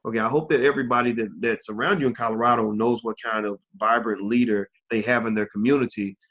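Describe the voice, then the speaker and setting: A man hosting an online interview show, talking in a halting way with many fillers and restarts. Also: medium pitch, steady tone, fairly bright tone, lo-fi sound. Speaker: host.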